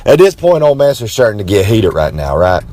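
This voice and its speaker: A man's voice: on the low side, very animated, dark tone. Brash man telling a story. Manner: brash and boastful, talks about himself in the third person; swaggering, with drawn-out dramatic emphasis. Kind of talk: rambling comic storytelling monologue.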